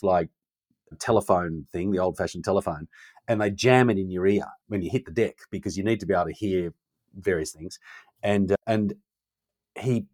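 A man's voice: fairly low pitch, darkish tone, no echo. A middle-aged man, a leadership consultant telling stories conversationally and acting out quoted dialogue with animation. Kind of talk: conversational storytelling.

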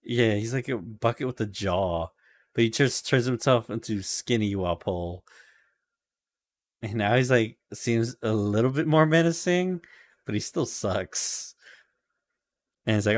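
A man with a lowish voice chats loosely as a podcast co-host, rambling through a recap with frequent filler words and quick laughs. His voice sits close and dry, with no room sound around it. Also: no echo. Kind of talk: casual recap chat.

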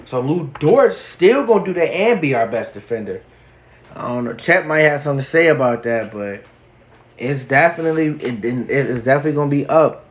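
A man's voice: mid-range voice, expressive, fairly quick. Slangy man in an echoey room. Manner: slangy, emphatic, many restarts. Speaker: podcast co-host. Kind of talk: casual sports chat. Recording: roomy echo.

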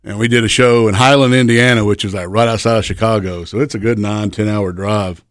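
A man's voice: fairly low pitch, fairly even intonation, brisk, no echo, clean studio sound. A man, a wrestler telling profane road stories on a podcast and laughing as he goes. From Chattanooga area, Tennessee. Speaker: professional wrestler guest. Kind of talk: casual podcast storytelling.

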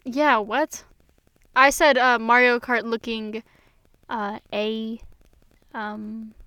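A young woman co-hosting a casual chat over a video call, agreeable and full of fillers and quick yeses. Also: fairly high pitch, little pitch movement, pushed and bright, clear, resonant tone, dry recording. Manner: agreeable, lots of fillers and affirmations. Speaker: co-host.

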